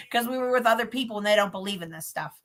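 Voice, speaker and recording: A woman's voice: mid-range voice, fast. A woman hosting a show, telling a story in casual chat and acting out her own reactions. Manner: animated, acts out her own reactions in quotes. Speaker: podcast host.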